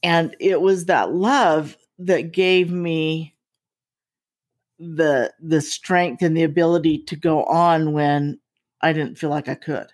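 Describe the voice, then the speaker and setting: A woman hosting a casual conversation, speaking in a slow, reflective, heartfelt way. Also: low-pitched, fairly even intonation.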